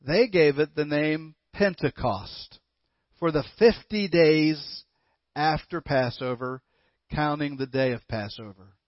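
A man's voice: a little high, slow pace, no echo, dull audio. A male pastor giving a sermon, quizzing the congregation conversationally and reading scripture aloud. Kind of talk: sermon with audience questions.

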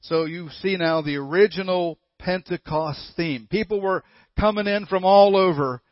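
Pastor, male, higher-pitched, conversational sermon with audience questions, muffled dry recording. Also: normal speed, dry recording. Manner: conversational, coaxing the congregation, reads scripture aloud.

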